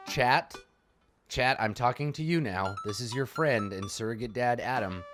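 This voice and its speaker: A man's voice: medium pitch, moderate pace, fairly bright tone, faint music behind. A man streaming a game who makes casual, joking asides to his chat.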